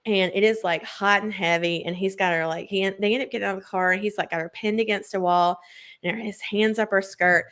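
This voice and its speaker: A woman's voice: mid-range voice, steady tone, fast, fairly bright tone. A woman in casual chat, gushing as she retells a book's plot with lots of filler words. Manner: gushing book recap full of "like" fillers.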